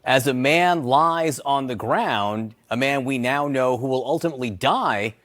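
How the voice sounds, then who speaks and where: A man anchoring a cable news broadcast, speaking in a measured, solemn way. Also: mid-range voice, a bit bright.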